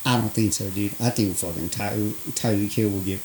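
A man's voice: lowish voice, fairly even intonation, normal speed, darkish tone. A young man co-hosting a casual podcast, who laughs often and swears freely. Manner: laughs often, profane, swooping voice. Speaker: podcast co-host. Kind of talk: casual chat. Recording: roomy echo with faint noise.

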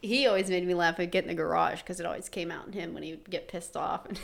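A woman's voice: on the low side, steady tone, quick pace, vocal fry. A young adult woman with a West Virginian accent, co-hosting a casual podcast, chatty and giggly as she tells loose stories. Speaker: podcast co-host.

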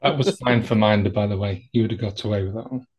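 A man's voice: fairly low pitch, steady tone, fast talker, a little mellow, husky. A man hosting a podcast, asking curious, well-prepared questions of his guest. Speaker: podcast host. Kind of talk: interviewing.

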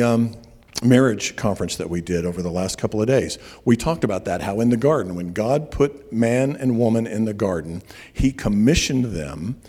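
A man preaching a sermon, telling stories and slowing down on key words for emphasis. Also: on the low side, mellow, breathy edge. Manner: storytelling preacher, slows for emphasis. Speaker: pastor. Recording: long reverb of a large hall.

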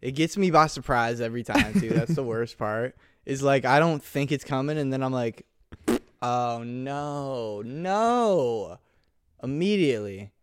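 A man's voice: medium pitch, expressive, fairly quick, few pauses. A young man co-hosting a podcast, chatting casually with crude jokes and acting out his own stories. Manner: joking, swearing, acts out stories. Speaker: podcast co-host. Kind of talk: casual crude comedy chat.

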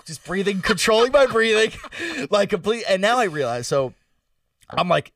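A young man with a slightly raised pitch rambles through a story in slang and profanity. He often sinks into low mumbles. The sound is dry and comes from a little way off the mic. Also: lively intonation, normal speed, a bit bright, dry recording, distant mic. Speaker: podcast co-host telling a story. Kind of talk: casual storytelling chat.

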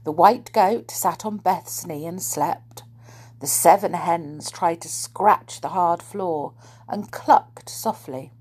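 A woman reading a children's book aloud to young listeners, animated and dropping to whispers. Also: lowish voice, takes it slowly, breathy edge.

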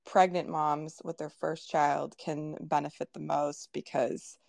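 A woman's voice: sits low, flat delivery, a little slow, creaky, a little mellow, no room sound, studio quality. A young adult woman hosting a podcast in casual chat, laughing often and restarting her sentences. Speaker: podcast host.

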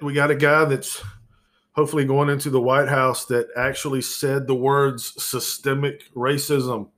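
A man hosting his own podcast, ranting profanely and sarcastically about the news, over-caffeinated. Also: medium pitch. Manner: profane, exasperated, sarcastic, loud outbursts. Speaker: podcast host. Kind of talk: solo podcast rant.

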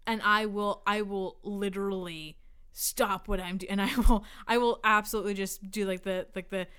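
A woman's voice: mid-range voice, fairly even intonation, moderate pace, a bit bright, smooth. A young woman co-hosting a podcast, rambling through self-deprecating stories in a casual chat with her friend. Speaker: podcast co-host.

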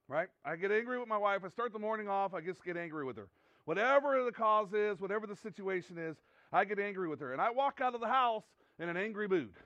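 A man's voice: sits high, a bit bright, no room sound, lo-fi sound. A man preaching a sermon in an earnest, conversational way, often repeating himself and restarting sentences. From United States. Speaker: pastor.

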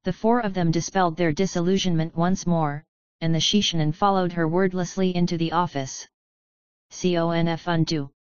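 Woman reading a story aloud, smooth lowish voice, dry kinda muffled sound. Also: no room sound. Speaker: audiobook narrator. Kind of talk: scripted narration of a fan story. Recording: dry, slightly dull lo-fi recording.

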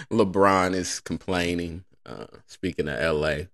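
A man's voice: deep voice, takes it slowly, gravelly, fairly bright tone, dry recording. A man in a casual, joking solo monologue who laughs at his own jokes and acts out other people's lines.

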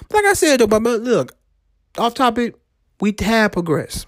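A woman ranting in a heated, profane way, repeating herself and swinging her pitch up and down. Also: sing-song, moderate pace. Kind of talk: profane personal rant.

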